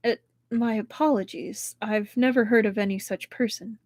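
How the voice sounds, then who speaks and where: A woman reading aloud, voicing a composed young male official who answers with smooth, courteous evasion. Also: fairly high pitch, steady tone, moderate pace, a little mellow, no room sound, close to an everyday voice. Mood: mocking.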